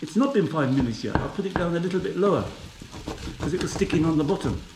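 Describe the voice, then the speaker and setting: Cooking vlogger from England, a chatty man with a slightly high voice, recorded in an echoey home kitchen. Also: expressive, fast talker, background noise. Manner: chatty, talks to viewers while cooking. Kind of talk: casual cooking vlog. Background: frying and sizzling from the hob.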